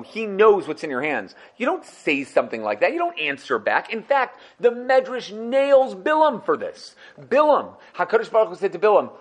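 A man giving a Torah class, animated, acting out quotes and asking the class questions. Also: on the high side. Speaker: Torah teacher.

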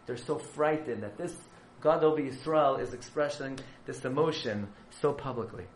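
A man who is a yeshiva rabbi, telling a story as a sermon, dramatic and surging from hushed to loud. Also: mid-range voice, normal speed, few pauses, echoey room, slight background noise, low-quality recording.

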